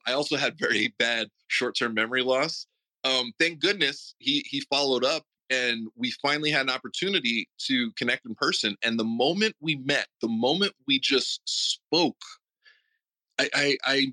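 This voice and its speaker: Earnest guy hosting a support group, super bright voice, keeps stumbling over his words. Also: mid-range voice, rough recording. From Puerto Rico. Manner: earnest, stammering, repeats words. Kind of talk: heartfelt tribute talk. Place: online audio room.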